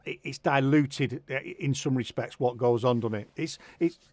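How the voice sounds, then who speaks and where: A man's voice: moderate pace, a little mellow, dry recording. A middle-aged man with a Manchester accent, hosting a radio show interview with cheeky jokes and lots of laughter. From Northwest England. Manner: jokey, cheeky, laughs a lot, big pitch jumps. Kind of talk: casual interview chat.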